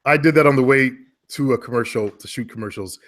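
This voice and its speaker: A man with an American accent, chatting casually and giving relaxed, talkative advice about voice work. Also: medium pitch, quick pace. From United States. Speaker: guest, former radio and commercial voice talent. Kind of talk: casual conversation.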